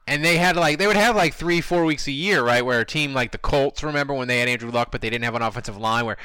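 A man hosting a casual sports podcast, telling stories in a lively, animated way. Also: medium pitch, fast talker, few pauses, smooth, no echo, rough recording. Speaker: podcast host. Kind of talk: casual chat.

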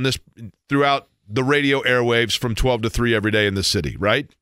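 A man's voice: medium pitch, fairly quick, sharp tone, smooth, dry recording, studio quality. A middle-aged man hosting a sports talk radio show, rambling playfully and poking fun at himself. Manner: rambling, playful, self-mocking.

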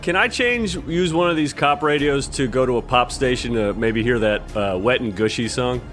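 A man's voice: mid-range voice, normal speed, a bit bright, soft background music, lightly acted. An actor playing a laid-back, drunk male German henchman in a comedy audio play. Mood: easygoing.

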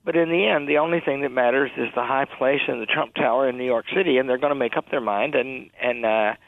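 A male college president as a radio guest, speaking in a halting, hesitant way with many fillers. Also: medium pitch, vocal fry, dry recording. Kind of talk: radio interview. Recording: phone-line audio.

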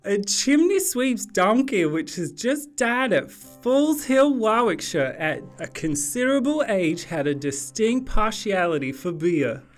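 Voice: mid-range voice, very animated, a little slow, hardly any pauses, soft background music, pitched above the performer's own voice. A podcaster putting on a Southern belle woman with a put-on Southern US accent to read old obituaries aloud, breaking into laughter between phrases. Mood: amused.

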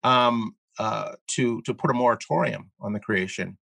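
A man speaking as a guest in an interview, explaining his views earnestly while halting often with fillers and repeated words. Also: medium pitch, creaky, a bit bright, dry recording. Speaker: guest columnist. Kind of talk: conversational interview.

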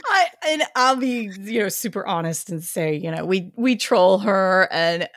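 A woman's voice: medium pitch, fairly bright tone, dry recording, clean studio sound. A woman co-hosting a podcast in casual chat, laughing often as she retells stories. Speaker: podcast co-host.

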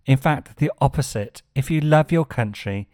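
British male podcast host, sardonic and wry, mid pitch, dry close recording. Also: moderate pace, a little mellow, no echo. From Britain. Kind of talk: satirical political commentary. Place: home in Spain.

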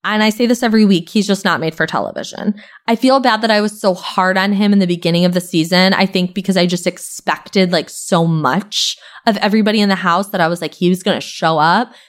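A woman's voice: on the low side, fairly quick, few pauses. A young woman hosting a podcast, recapping reality TV in a gossipy, chatty way, full of "like" and casual swearing. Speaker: podcast host.

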